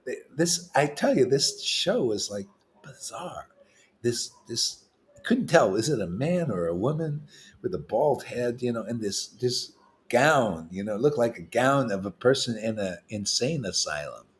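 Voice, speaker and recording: A man leading a gathering of devotees, preaching in a loose, slangy, teasing way, with his voice swinging from loud bursts to quiet asides. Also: very animated, a little slow. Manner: emphatic and slangy, with swings in loudness and pitch; teasing, playful jokes between serious points. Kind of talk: informal preaching to a small group.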